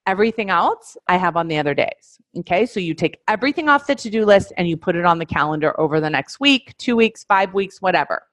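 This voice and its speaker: Emphatic low-voiced woman coaching listeners. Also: animated, fast talker, few pauses, dry recording. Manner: emphatic, repeats key phrases, addresses listeners directly. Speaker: life coach teaching a webinar. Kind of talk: instructional webinar talk.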